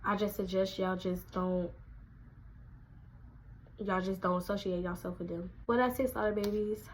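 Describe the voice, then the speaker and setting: A young woman, telling a casual storytime, animated and acting out quotes in a raised voice. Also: medium pitch, moderate pace, a little hiss or hum, rough recording. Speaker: vlogger.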